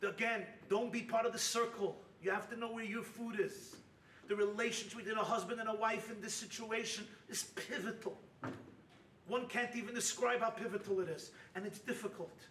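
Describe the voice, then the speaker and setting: A man giving a sermon as a rabbi at a weekend retreat, animated and humorous, driving his points home with shouted emphasis. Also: sits high, brisk. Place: hall at a retreat. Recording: roomy hall from a distant mic with faint noise.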